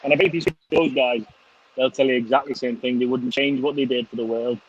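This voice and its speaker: A man's voice: mid-range voice, steady tone, fast, highs cut off, slight background noise. A middle-aged man hosting a casual chat, laughing and swearing freely. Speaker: host.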